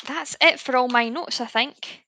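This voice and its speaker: A woman's voice: high voice, a little slow, bright, forceful tone, slight background noise. A Scottish woman co-hosting a fan podcast, chatting casually, swearing freely and laughing often. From Scotland. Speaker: podcast co-host. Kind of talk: casual chat.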